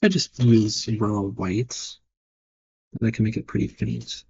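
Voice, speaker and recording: A man's voice: on the low side, fairly even intonation, measured pace, vocal fry, a little mellow, lo-fi sound, slight background noise. A man thinking aloud and judging his own work as he draws, in casual narration. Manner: muttered, self-critical thinking aloud. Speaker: digital artist. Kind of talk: casual narration while drawing.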